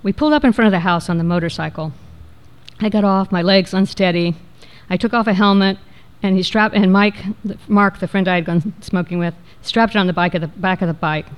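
A woman reading a first-person memoir aloud in a measured, reflective way. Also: medium pitch, smooth, muffled recording. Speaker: narrator.

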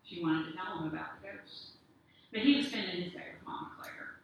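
A storyteller narrating a story in a steady, measured way. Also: medium pitch, creaky, whispered, muffled recording. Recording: echoey room, distant mic, faint noise.

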